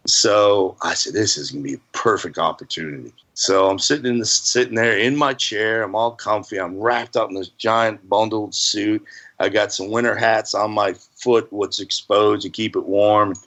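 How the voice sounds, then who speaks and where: Man, fairly low voice, rambling folksy storyteller. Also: normal speed, fairly bright tone. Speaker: hunting guest. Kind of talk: casual storytelling.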